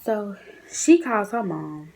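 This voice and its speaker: A woman's voice: mid-range voice, slow pace, heavy background noise. Chatty young woman telling a story. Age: young adult. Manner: chatty, animated, acts out quotes in shifting voices. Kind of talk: casual storytime vlog.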